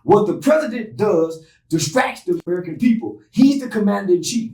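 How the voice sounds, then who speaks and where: High-voiced guy lecturing people in an interview, sounds far off in a roomy space. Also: expressive, fairly quick, darkish tone. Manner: lecturing, blunt, preachy. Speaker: interview guest. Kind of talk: blunt interview opinions. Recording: roomy clip from off-mic.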